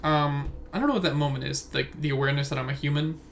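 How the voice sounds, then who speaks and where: A man's voice: fairly high pitch, quick pace, gravelly, slight background noise. A young man in his twenties hosting a casual solo podcast from his room at home, recorded on a phone, rambling and going off on tangents. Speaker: podcast host. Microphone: phone camera.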